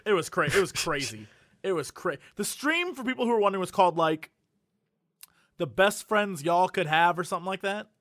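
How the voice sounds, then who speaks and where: Bright high-voiced man in animated podcast chat. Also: brisk, dry recording, studio quality. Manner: animated storytelling, laughs often. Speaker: podcast co-host. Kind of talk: casual chat.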